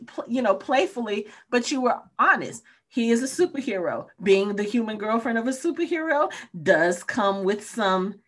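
A woman co-hosting a casual podcast about a TV show, talking it through with friends and acting out characters' lines as she goes. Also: medium pitch. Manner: animated, acts out characters' lines. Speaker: podcast co-host.

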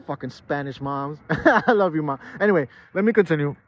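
A tipsy man rambles through a podcast monologue outdoors in a park. His voice sits a little high, and he swears freely and stumbles over restarts. The outdoor recording sounds dull and lo-fi. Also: fairly quick, hardly any pauses, dry recording. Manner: rambling and profane, with stammered restarts. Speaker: podcast host. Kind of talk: casual drunken monologue.

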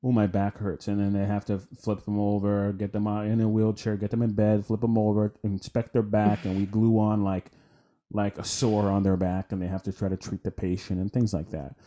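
Young male podcast co-host, slightly low voice, easygoing and profane. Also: completely flat delivery, moderate pace, mellow. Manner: laid-back, swears freely, laughs often. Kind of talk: casual chat.

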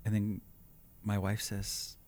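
A man telling a comic personal story, animated with deadpan asides. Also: fairly low pitch, takes it slowly.

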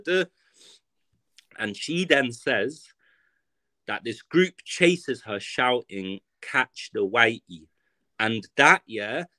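A man's voice: mid-range voice, bright, forceful tone, dry recording. A man with a London accent, a guest author talking in a casual podcast conversation, ranting in a blunt, emphatic and profane way.

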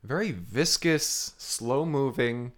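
A man's voice: mid-range voice, lively intonation, slow, a bit bright. A man co-hosting a comedy podcast who jumps in with jokes and exaggerated character voices. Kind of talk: improvised comedic storytelling.

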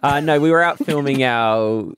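A man co-hosting a radio show, telling anecdotes in a playful, deadpan way into a studio microphone. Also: medium pitch, normal speed, clear, resonant tone. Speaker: radio co-host. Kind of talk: casual radio banter.

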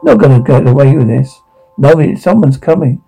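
Man reading a captive young woman, dark audio drama, furious threats, panicked, gravelly voice. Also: mid-range voice, animated, moderate pace, faint music behind, low-quality recording. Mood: defiant. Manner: shouting threats, panicked pleading.

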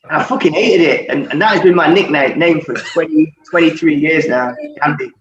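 A man's voice: a little high, brisk. Sweary man telling stories. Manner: sweary, laughing, animated storyteller. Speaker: former footballer guest. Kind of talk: casual storytelling chat. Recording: echoey, distant, dull audio with faint noise.

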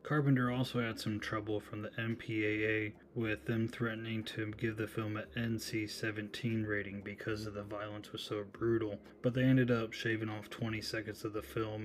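A man's voice: fairly low pitch, a little hiss or hum. A man hosting a solo horror movie podcast, casually retelling a film's plot with chatty asides. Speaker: podcast host.

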